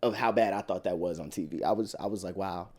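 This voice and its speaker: A man's voice: low voice, fast talker. A man being interviewed as a guest actor, chatting casually and telling stories with frequent laughter, in a hotel room. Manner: animated storyteller who laughs often. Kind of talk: casual chat.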